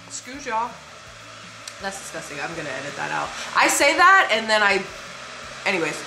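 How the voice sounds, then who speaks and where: A woman's voice: medium pitch, big pitch swings, moderate pace, creaky, noisy background. A woman around thirty chatting casually on her vlog, loose and rambling, swearing offhandedly and drifting into side comments. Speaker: beauty vlogger and makeup brand owner. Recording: echoey room with music playing.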